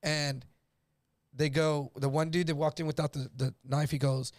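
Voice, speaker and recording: A man's voice: on the high side, little pitch movement, normal speed, a little mellow, no echo, clean studio sound. A man from El Paso telling a story as a guest, acting out other people's voices and swearing freely. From El Paso, Texas. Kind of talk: casual storytelling on a livestream.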